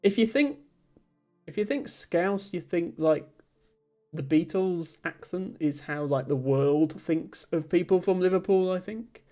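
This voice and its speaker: A man's voice: sits high, lively intonation, measured pace, warm tone, faint music behind. A man streaming live, reading out viewer comments and answering them in a thoughtful, rambling way with many ums and restarts. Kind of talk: casual live-stream chat.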